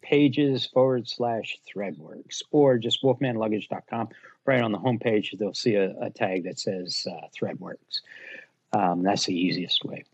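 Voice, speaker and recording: A man with a gravelly, husky voice tells stories in a casual podcast interview. He is blunt and animated, with lively swings in pitch. The sound is a little dull and lo-fi. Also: no echo. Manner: blunt, animated storyteller acting out customers. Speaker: guest, luggage company owner.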